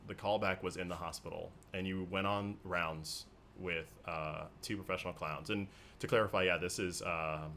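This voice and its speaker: A man with a very low voice, chatting as a podcast guest. He tells his stories in an animated, casual way and laughs often. A faint hiss sits under his voice. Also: normal speed. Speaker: podcast guest, hospital clown. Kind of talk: casual conversational storytelling.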